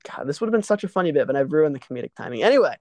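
A man's voice: on the high side, sing-song, rapid-fire, a little mellow, dry recording. A young man co-hosting a podcast, chatting casually about sports in a joking, self-deprecating way. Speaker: podcast co-host.

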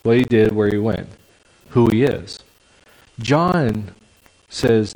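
A man preaching a sermon in a lively, conversational way, checking in with the congregation. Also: fairly low pitch, takes it slowly, creaky, pauses often, low-quality recording. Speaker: pastor.

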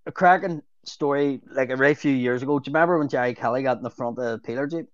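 A man's voice: mid-range voice, fast, no room sound. Sweary Belfast man telling stories. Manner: sweary storyteller, laughs often. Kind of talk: casual podcast chat. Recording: dull lo-fi audio.

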